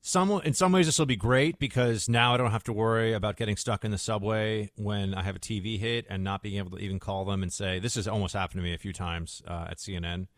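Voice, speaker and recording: A man's voice: on the low side, steady tone, quick pace, hardly any pauses, no room sound, clean studio sound. A man hosting a talk radio show, rambling through sarcastic asides in a casual monologue.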